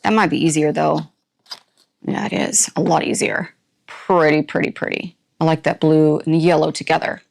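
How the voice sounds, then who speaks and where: A woman's voice: low-pitched, steady tone, normal speed, creaky. A woman reviewing products on her channel, chatting to viewers in a playful, put-on rural drawl as she unboxes. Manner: talks to viewers while opening items.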